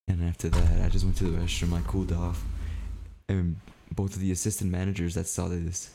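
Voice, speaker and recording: A young man co-hosting a podcast, telling a work story in animated casual chat, swearing freely. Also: deep voice, a little fast, gravelly, a little hiss or hum. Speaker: podcast co-host.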